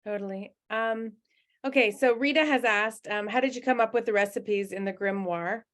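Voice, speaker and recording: A woman hosts a book club chat and reads audience questions aloud. She is friendly and casual and leans on "um" and "like" as she goes. Her pitch sits in an ordinary middle range. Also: moderate pace. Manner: friendly, chatty, with fillers.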